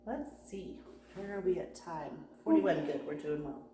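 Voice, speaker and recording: A woman's voice: low voice, a little slow, mellow, a little hiss or hum. Upbeat woman co-host in a roomy space. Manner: upbeat, reads viewer comments aloud. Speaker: farm vlog co-host. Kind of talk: casual Q&A chat. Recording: roomy echo.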